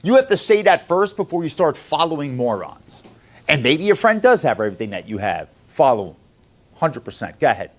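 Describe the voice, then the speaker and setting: A man's voice: sing-song, fairly quick. A man who runs a sales company, lecturing his staff in a blunt, profane motivational talk. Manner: blunt, profane, lecturing, swings between loud and low.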